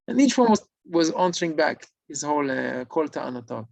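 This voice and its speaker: A man telling a religious story in sermon style, animated and acting out the figures. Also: on the high side, a little fast, vocal fry, hardly any pauses, no echo, rough recording. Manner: animated, acts out the figures, mixes in Hebrew terms.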